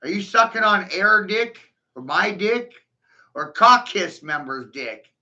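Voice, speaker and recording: A man's voice: high voice, animated, slow, pushed and bright. Taunting man on a dull lo-fi recording. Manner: profane, taunting, mocking; punctuated by scornful laughs. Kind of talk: ranting monologue.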